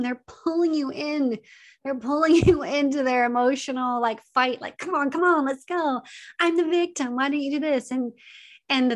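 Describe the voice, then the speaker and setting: Woman, advice talk to camera, earnest and chatty, repeats points, voice a touch high. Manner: earnest, repeats key points, conversational fillers. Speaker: advice speaker on emotional abuse.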